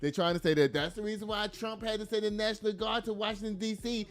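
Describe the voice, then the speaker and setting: A man's voice: high-pitched, steady tone, quick pace. A man giving blunt, profane, emphatic political commentary to his audience, laughing at his own jokes. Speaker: commentary host.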